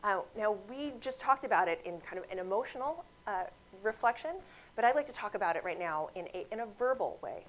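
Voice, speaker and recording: A woman physician delivers a grand rounds lecture, telling lively stories from the clinic, acting out the voices she quotes, and speaking straight to her audience. Her voice is medium-pitched and brisk, and the recording is rough.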